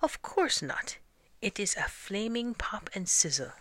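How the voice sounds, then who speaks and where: A woman's voice: low voice, animated, measured pace, sharp tone, no echo, heavily acted. A woman reading a storybook aloud and voicing a pompous, fussy male lord who insists on his own words for things.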